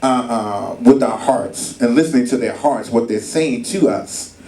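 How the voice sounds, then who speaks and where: A man's dark, mid-range voice moves a little slowly through a sermon at a marriage retreat, held in a church retreat hall. He tells stories in a relaxed, colloquial way with acted voices, heard through a distant mic in an echoey space.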